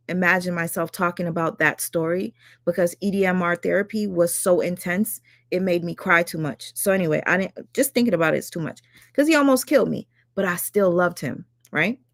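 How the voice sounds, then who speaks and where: A woman's voice: on the low side, dry recording. Casual, candid woman streamer, dry sound. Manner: candid, swears freely. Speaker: reaction streamer. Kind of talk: casual chat.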